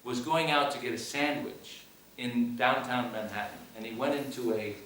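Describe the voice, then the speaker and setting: A film director who also teaches recounts a story during a post-screening Q&A in front of an audience, stumbling into hesitant restarts. His medium-pitched voice is steady and fairly bright, at a normal pace. The distant mic captures an echoey hall with slight hiss or hum.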